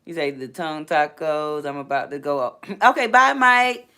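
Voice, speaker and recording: A woman hosting a casual live stream, chatting as she reads viewer comments and laughing often. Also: clean tone. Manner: chatty and animated, laughs often, quick pitch jumps. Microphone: laptop.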